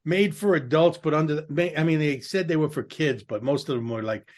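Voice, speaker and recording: A man co-hosting a podcast, talking in halting restarts and trailing off. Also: a little high. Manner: hesitant, trails off with "I don't know". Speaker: podcast co-host. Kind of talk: casual chat.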